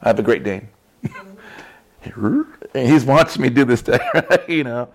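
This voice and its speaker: A man's voice: medium pitch, lively intonation, brisk. A man preaching in a casual storytelling way, chatty and laughing often, with frequent tag questions.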